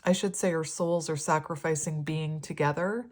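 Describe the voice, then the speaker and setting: A woman giving a casual, rambling tarot reading, chatting warmly and laughing often. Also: deep voice, steady tone, normal speed. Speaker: tarot reader.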